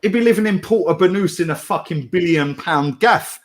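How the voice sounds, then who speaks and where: A middle-aged man talking in a brash, animated way, swearing and using slang. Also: high voice, moderate pace. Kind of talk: casual chat.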